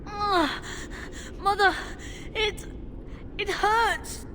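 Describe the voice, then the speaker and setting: A woman's voice: very high-pitched, fairly even intonation, very slow, noisy background, heavily acted. A woman voicing a frightened young boy in pain who whimpers and pleads in a video game. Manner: weak, whimpering.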